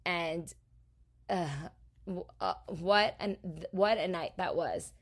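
A woman from New Jersey, a podcast host, telling a story in a casual, animated, profane way. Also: lowish voice, slow.

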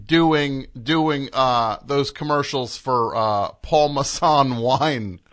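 A man hosting a comedy call-in radio show, answering the caller with dry, deadpan remarks. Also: medium pitch, takes it slowly. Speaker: radio host.

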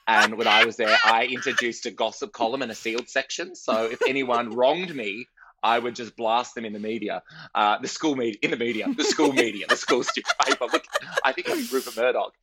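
A man's voice: mid-range voice, a loud crowd, rough recording. A thirty-year-old Australian man, a comedian telling self-mocking stories in a casual interview. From Western Australia. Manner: quick, self-mocking storyteller who acts out quotes. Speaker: comedian guest.

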